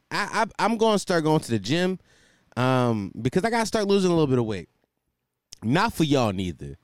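Male podcast host, comic rambling monologue, profane, very animated pitch, dry close mic. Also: dry recording. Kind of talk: casual comedic monologue. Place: hot room at home with a fan. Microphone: desk microphone.

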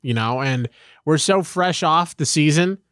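Relaxed male co-host, casual sports banter, a bit raised in pitch, dry close recording. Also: measured pace, clean tone, no echo. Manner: laid-back, drawling, sleepy. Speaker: podcast co-host. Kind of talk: casual sports podcast chat.

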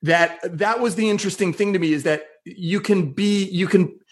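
A man's voice: high voice, moderate pace. A man guesting on a podcast in casual chat, emphatic and quoting people. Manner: emphatic, quotes people in voices.

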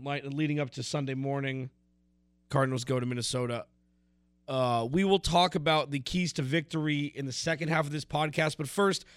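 A man's voice: on the high side, a bit bright, clean tone, dry recording. Emphatic American man hosting a sports podcast. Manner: loose, emphatic, talks over his co-host. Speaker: podcast host. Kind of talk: casual sports talk.

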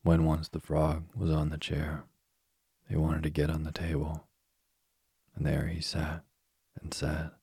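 A man reading a fairy tale aloud at a slow, even pace. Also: very deep voice, vocal fry, husky, no room sound. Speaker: narrator. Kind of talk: storybook reading.

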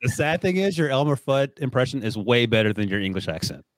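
A man's voice: medium pitch, sing-song, no echo. A man hosting a podcast, leading the questions and joking with his guests in casual chat. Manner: quick, joking, leads the questions. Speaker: podcast host.

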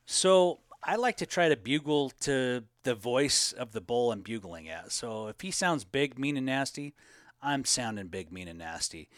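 A man with a mid-range voice co-hosts a relaxed live Q&A chat about elk hunting, rambling along with plenty of fillers. The studio-quality recording has no echo.

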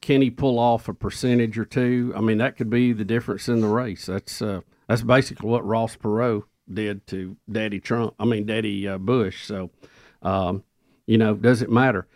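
A man's voice: on the low side, steady tone, normal speed, darkish tone, no echo, studio quality. A man co-hosting a talk radio show, chatting with strong opinions. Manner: conversational, opinionated. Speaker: radio co-host. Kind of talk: casual talk radio banter.

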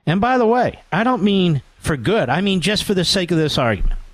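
Man, talk radio host, sarcastic monologue, swooping animated delivery, dry studio sound. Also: sits high, fairly quick, no room sound. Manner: combative, sarcastic, mocks others in put-on voices.

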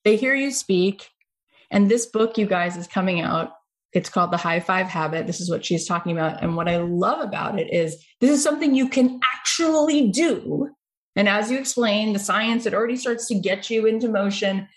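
A woman's voice: medium pitch, normal speed. A woman hosting an interview podcast, talking in an effusive, storytelling way. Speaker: podcast host. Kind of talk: conversational interview.

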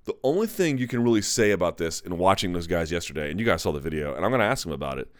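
A man's voice: sits low, sing-song, rapid-fire, dry recording, clean studio sound. A man hosting a live chat, talking candidly in a rambling, self-correcting way. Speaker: MMA live chat host. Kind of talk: casual live-stream commentary.

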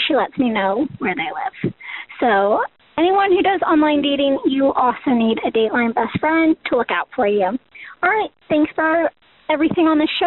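High-voiced woman explaining, tinny phone. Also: no echo. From Texas. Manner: explanatory, matter-of-fact. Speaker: caller. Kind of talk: voicemail message.

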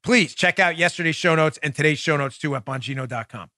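Male podcast host, high bright tone, dry close mic, sarcastic and animated delivery. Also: brisk, no echo. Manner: mocking, animated, laughs at own jokes. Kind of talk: sarcastic political commentary.

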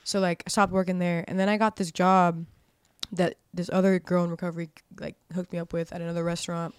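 A woman's voice: lowish voice, little pitch movement, fast talker, smooth, no echo, studio quality. Swearing young woman telling a story. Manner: profane, heavy use of "like"; acts out quoted dialogue. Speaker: podcast guest. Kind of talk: casual storytelling.

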